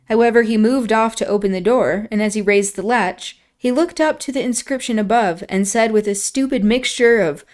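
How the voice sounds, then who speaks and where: Woman reading a classic novel aloud. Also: a little high. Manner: reflective, quieter asides between passages.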